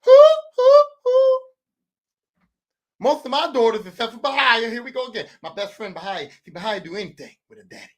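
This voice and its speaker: A middle-aged man with a notably high voice, talking as a podcast host in a loose comedic rant. He swears freely and hammers his points home by repeating phrases. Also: fast, hardly any pauses. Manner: profane, animated, repeats phrases for emphasis.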